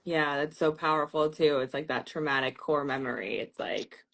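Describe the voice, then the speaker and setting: A woman's voice: low voice, normal speed, gravelly, a bit bright. A woman therapist hosting a candid conversation, speaking frankly and openly about her own experiences. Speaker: therapist and host.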